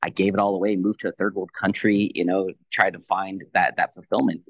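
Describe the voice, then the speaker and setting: A man in his thirties sharing a personal faith testimony in a quick, animated way, acting out both sides of a conversation. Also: low voice, vocal fry, dry recording, dull audio. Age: 30s. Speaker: Christian leader, podcast guest.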